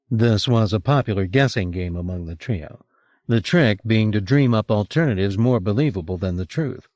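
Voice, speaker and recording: A man's voice: expressive, moderate pace, a little mellow, dry recording, highs cut off. A man narrating a novel as an audiobook reader, recorded on an old cassette. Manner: voices each character with raised pitch. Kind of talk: audiobook reading.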